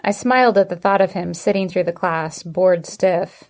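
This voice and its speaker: A woman reading a first-person romance audiobook with expressive, emotive storytelling. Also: fairly low pitch, normal speed. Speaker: audiobook narrator.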